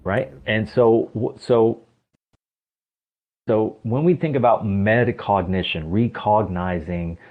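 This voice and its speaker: A man explains his ideas emphatically and keeps asking rhetorical questions, speaking as an interview guest. His voice sits fairly low. It comes through a narrow, tinny line, like a phone call. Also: slow. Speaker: podcast guest, stress coach.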